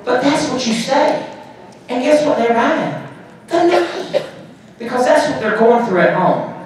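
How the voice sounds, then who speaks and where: A man speaks to a conference crowd in a high, bright register, bantering and joking as he runs through sales tips. He stands well away from the mic. The big hall rings with a heavy echo around him. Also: recorded from a distance, slight background noise. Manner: animated, joking, quick asides and crowd banter. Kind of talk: motivational sales talk to an audience.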